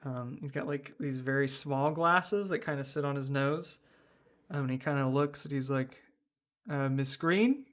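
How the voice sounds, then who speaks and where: A man's voice: mid-range voice, steady tone, moderate pace, fairly bright tone. A man running a tabletop horror game as game master, describing scenes loosely with many fillers.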